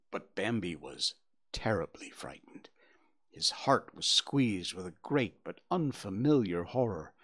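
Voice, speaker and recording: A man reading a children's story aloud with expressive, gentle narration. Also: sits low, measured pace.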